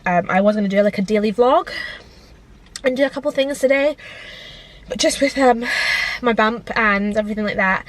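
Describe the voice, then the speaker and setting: A young woman talks to the camera she holds in her hand, sitting at home. She sounds emotional and close to tears as she rambles through her thoughts. Her speech is casual and full of pauses and ums. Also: mid-range voice. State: teary and tired. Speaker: vlogger. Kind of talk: casual vlog chat. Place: at home indoors. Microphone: handheld camera.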